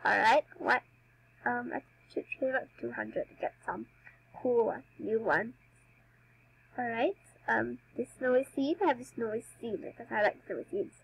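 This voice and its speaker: A young gaming YouTuber chats casually while playing a dance game for her channel, giggly and self-mocking, though she's slightly sick and coughing. Her voice is on the high side, creaky and slightly rough, at a moderate pace. The recording is rough.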